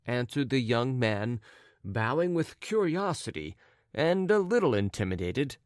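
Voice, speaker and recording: Male audiobook narrator, measured, smooth resonant voice, mid pitch, dry close sound. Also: sing-song, dry recording. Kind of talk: scripted narration.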